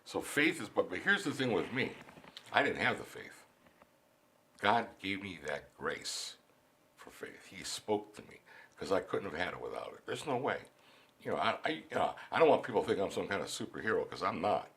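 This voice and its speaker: A man with a fairly low voice tells a personal faith story in a studio interview. His pitch rises and falls widely as he speaks, and he often repeats words as he restarts his sentences. He sounds animated and earnest throughout. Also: normal speed. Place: recording studio.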